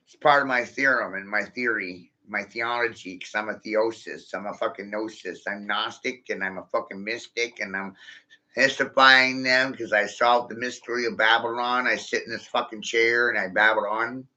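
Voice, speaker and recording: A man's voice: fairly low pitch, steady tone, moderate pace, pushed and bright. A man in a rambling, profane monologue, stringing rhyming wordplay together and laughing at his own jokes, recorded in his vehicle. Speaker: vlogger. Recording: dull lo-fi sound.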